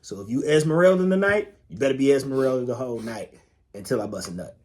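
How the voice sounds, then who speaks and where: A man's voice: mid-range voice, animated, quick pace, darkish tone. A man co-hosting a podcast in casual chat, laid-back and emphatic, swearing freely and repeating phrases to drive a point home. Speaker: podcast co-host.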